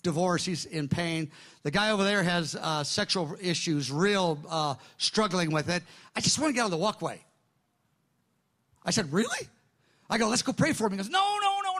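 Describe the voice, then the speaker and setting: A man's voice: sits high, fairly bright tone. A middle-aged male pastor telling a story in a sermon, acting out the voices of the people he quotes.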